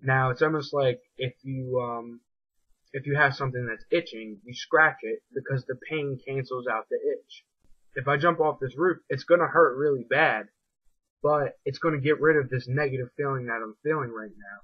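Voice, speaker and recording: A man's voice: mid-range voice, moderate pace, husky, dry recording. A young man casually telling a personal story in a reflective, rambling way. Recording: dull lo-fi dry recording.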